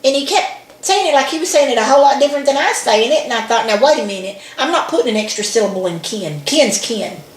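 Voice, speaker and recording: A woman from Alabama with a Southern accent and an animated, chatty manner, laughing often as she co-hosts a casual chat. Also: high-pitched, fast, roomy sound, slight background noise. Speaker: co-host.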